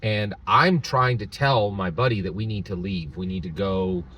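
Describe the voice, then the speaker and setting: A man voicing an upset young woman ranger in his own low, plain voice, telling her worries in a rambling way. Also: a bit bright, slight background noise. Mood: worried. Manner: rambling, halting storytelling.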